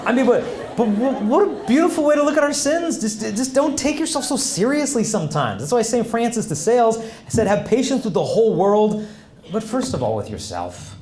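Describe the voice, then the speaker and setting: A man's voice: extremely high pitch, very animated, brisk, darkish tone, reverberant, a faint crowd. A man giving a humorous faith talk to students, telling stories with voiced quotes and laughter. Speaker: Catholic speaker. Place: large hall with audience.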